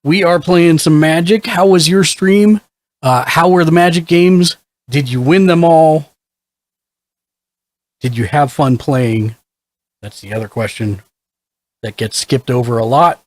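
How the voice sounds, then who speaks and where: Upbeat streamer host greeting chat. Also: male voice, fairly high pitch, a little slow, long pauses, dry recording. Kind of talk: live stream hosting.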